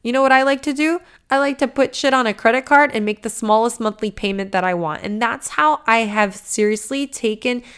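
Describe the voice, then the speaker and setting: Smooth-voiced woman ranting profanely. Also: on the high side, a little fast, hardly any pauses. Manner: animated, profane, swings between loud bursts and hushed asides. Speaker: podcast host. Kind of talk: casual motivational rant.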